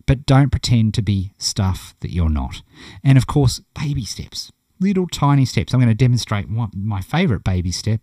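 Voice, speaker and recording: A man's voice: medium pitch, mellow, no room sound, clean studio sound. A middle-aged man with a broad Australian accent, teaching an online course in a blunt, chatty, encouraging way. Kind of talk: casual video lesson.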